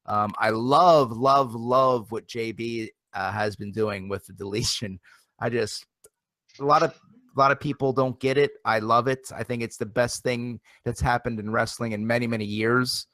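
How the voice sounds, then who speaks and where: Male host, casual web show, repeats himself, mid-pitched, dry close mic. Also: moderate pace, dry recording. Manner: rambling, repeats phrases, energetic. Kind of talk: casual live internet show chat. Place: home near Philadelphia.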